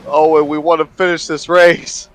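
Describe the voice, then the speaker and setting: A man co-commentating a sim race with joking banter and lively race calls. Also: on the high side, moderate pace, rough recording. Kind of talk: casual sim-racing commentary.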